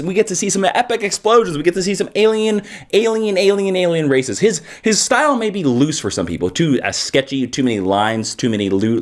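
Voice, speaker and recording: A man giving a casual, animated video review, full of jokes and playful asides. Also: on the high side. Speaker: comic book reviewer.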